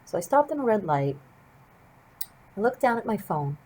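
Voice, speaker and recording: A woman's voice: medium pitch, sing-song, moderate pace, darkish tone, breathy edge, poor audio. A woman tarot reader and martial artist telling a personal story to her viewers in an earnest, reflective, wandering way. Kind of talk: casual storytelling to camera.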